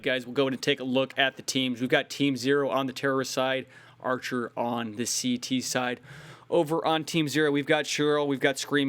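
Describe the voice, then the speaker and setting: A man calling a live esports match with an upbeat push despite sounding tired. His voice sits at an ordinary middle pitch, steady and conversational as he introduces teams and calls the action. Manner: upbeat, pushing to keep energy up. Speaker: esports tournament caster. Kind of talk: live play-by-play commentary.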